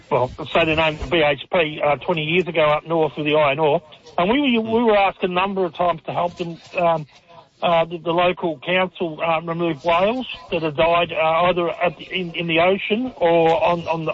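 Male radio caller, high husky voice, halting, rambling delivery, muffled call audio.

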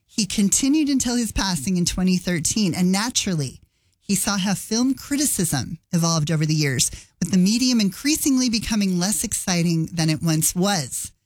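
A woman's voice: fairly low pitch, animated, normal speed, no room sound. A woman radio host talking casually between songs, with wry personal asides.

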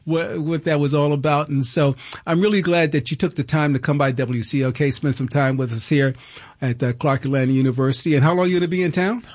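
A man's voice: on the high side, fairly even intonation, fast talker, a little mellow. A man hosting a college radio interview in an easygoing, affirming way. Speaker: radio host.

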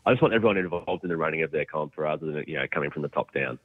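A man's voice: extremely low pitch, very fast, breathy edge, no room sound. A young Australian man phoning in to a sports chat show, talking casually and plainly about his travels and organising a women's cricket competition. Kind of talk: casual phone interview. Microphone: phone. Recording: phone line.

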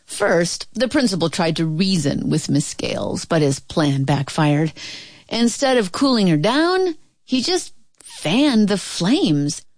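A woman's voice: lowish voice, slow, no echo. Woman reading a picture book aloud. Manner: expressive and playful. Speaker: storybook reader.

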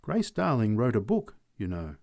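A man's voice: mid-range voice, huge pitch swings, moderate pace, creaky, darkish tone. A man voicing a large woman in a crowd who speaks in a sly, confiding way. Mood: conspiratorial.

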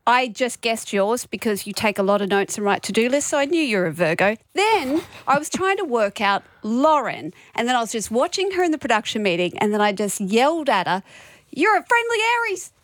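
A woman co-hosting a radio show, telling stories in quick, chatty banter. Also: on the high side, big pitch swings, no room sound, studio quality. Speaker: radio co-host. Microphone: studio mic.

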